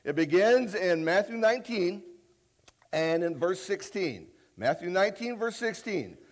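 High-voiced folksy male preacher. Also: a little slow. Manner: folksy, conversational storytelling; animated, rises loud and high when retelling a story. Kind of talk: sermon.

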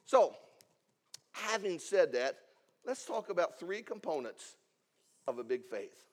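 A man preaching a sermon, swinging between loud emphatic lines and hushed asides. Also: fairly high pitch, very animated, unhurried. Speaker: pastor.

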